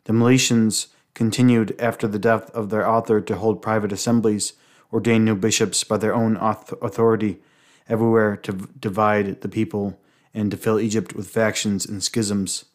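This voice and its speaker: A man with a low voice reads a saint's life aloud at a measured pace. His delivery stays flat and even, with little rise or fall, and he now and then trips on a word and restarts it. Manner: steady, measured reading with small slips and restarts. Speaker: reader.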